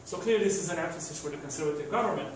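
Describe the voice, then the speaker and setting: A man's voice: fairly high pitch, racing. Man, university lecturer, hesitant with fillers, very reverberant hall, distant mic, faint room noise. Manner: hesitant, many fillers and restarts. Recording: very echoey room from far off.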